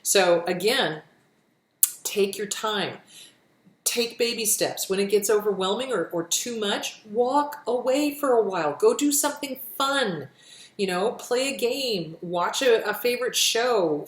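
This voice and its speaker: A middle-aged woman giving self-help advice in a casual, gentle, reassuring way, often repeating her phrases and answering questions frankly. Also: mid-range voice, animated, unhurried. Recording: roomy echo.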